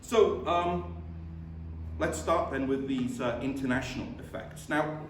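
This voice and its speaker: A man's voice: medium pitch, measured pace. A middle-aged man with a mixed British accent, tinged with Scottish and Baltic sounds, giving an academic lecture in a self-deprecating way, with many fillers and repeated words. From born in the UK, raised in England. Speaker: visiting professor. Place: lecture room. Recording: echoey room from far off, faint noise.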